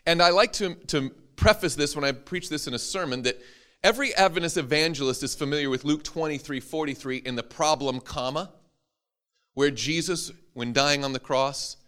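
A man's voice: mid-range voice, moderate pace, fairly bright tone, clean tone. A man, a preacher, teaching an interactive Bible class to a live audience, joking and quizzing them as he goes.

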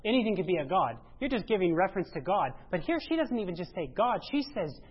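Emphatic woman preacher, husky voice. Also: very animated, fast. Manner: emphatic, rising to loud exclamations then dropping low. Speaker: speaker giving a church presentation. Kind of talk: sermon. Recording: dull lo-fi sound.

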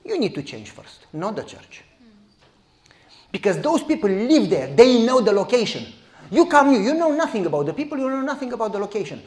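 Man, fifties, pastor's sermon, animated and direct, roomy echo. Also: high-pitched, brisk. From Romania. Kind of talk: sermon storytelling.

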